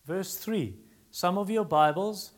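Male preacher; emphatic sermon delivery, voice a touch high. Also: takes it slowly. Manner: emphatic, repeats phrases for stress.

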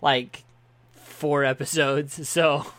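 A man's voice: fairly high pitch, flat delivery, extremely slow, a bit bright, clean tone. A man serving as game master, narrating in a casual, rambling way and swearing freely. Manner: rambling, swears freely, says he has been drinking.

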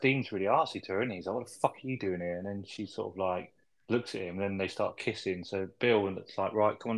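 Male co-host, lower voice, laid-back storytelling recap, sprinkled with "you know". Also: rough recording. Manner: relaxed plot recap, hedging fillers. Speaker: podcast co-host. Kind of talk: casual film review chat.

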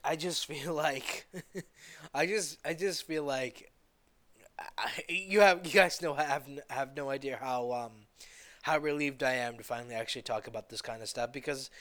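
A man's voice: fairly high pitch, fairly bright tone. A man delivering a heated, profane vlog rant, repeating himself and stumbling over restarts, with bitter laughs. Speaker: vlogger.

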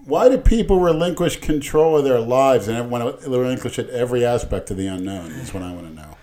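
A man's voice: mid-range voice, expressive, a little fast, mellow. A man in a casual podcast chat who talks in a blunt, crude, meandering way.

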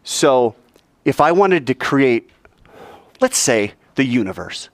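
A Bible teacher leads a class, animatedly quizzing his listeners with a stream of questions. His medium-pitched voice is slow but climbs and dips freely, and the recording is dry and close.

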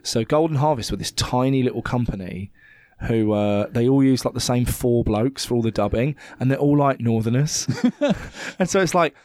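A man co-hosting a casual film chat, animated and swearing freely. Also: medium pitch, normal speed, dry recording, studio quality.

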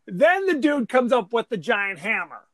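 A man co-hosting a podcast, recapping a movie plot with enthusiasm and quick agreements in casual chat. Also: very high-pitched, very animated. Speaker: podcast co-host.

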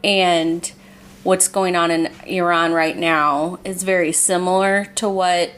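A woman co-hosting a casual chat podcast, talking in halting bursts that restart mid-sentence and with some swearing. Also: fairly low pitch, fairly even intonation, a bit bright, clear, resonant tone. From United States. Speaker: podcast co-host.

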